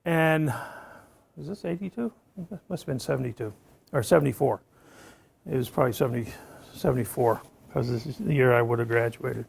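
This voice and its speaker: A man's voice: mid-range voice, a little fast, gravelly, pauses often, darkish tone, slightly rough. A man around seventy, a professor telling a long story to his class and often checking in with "okay?". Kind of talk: classroom lecture anecdote.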